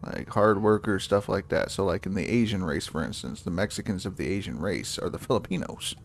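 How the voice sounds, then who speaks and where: A man's voice: sits low, brisk, a little hiss or hum. A man streaming a game, chatting casually with lots of swearing and laughter. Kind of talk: casual live-stream chat.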